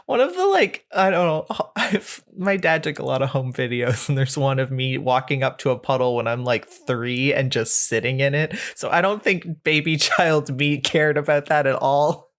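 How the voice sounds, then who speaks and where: A woman's voice: very deep voice, expressive, moderate pace, hardly any pauses. A woman running a tabletop game as game master, narrating with playful chuckles and then chatting casually. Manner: playful, chuckling, hesitant fillers.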